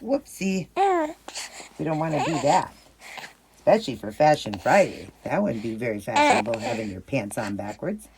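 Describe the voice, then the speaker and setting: Middle-aged woman, low voice, lively up-and-down delivery, cooing baby talk, chatty asides. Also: fairly quick, gravelly, background noise. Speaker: vlogger. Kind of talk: casual show-and-tell vlog.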